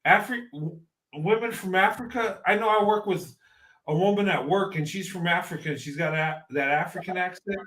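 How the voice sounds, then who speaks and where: A man's voice: sits high, normal speed, a bit bright. A man in casual conversation who stumbles and restarts often and laughs easily. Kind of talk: casual chat.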